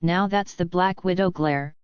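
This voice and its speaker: A woman voicing a roguish man with a deep, lazy drawl in a storybook reading, with a dry, slightly dull recording. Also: a little slow, clear, resonant tone, dry recording, close to an everyday voice. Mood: amused.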